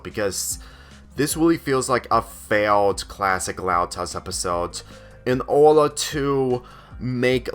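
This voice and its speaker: A man's voice: mid-range voice, a bit bright, smooth. A man giving a rambling cartoon review commentary, circling back on the same phrases. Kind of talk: spoken video commentary.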